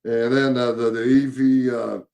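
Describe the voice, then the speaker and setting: A man, casually recounting a paranormal investigation, halting with many fillers and repeated words. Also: mid-range voice, level tone, creaky, a little mellow. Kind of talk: casual storytelling chat.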